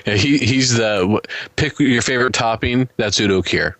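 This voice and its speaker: A man's voice: medium pitch, moderate pace, a bit bright, no echo. A man co-hosting a casual movie review chat, speaking in a laid-back, wry way. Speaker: podcast co-host.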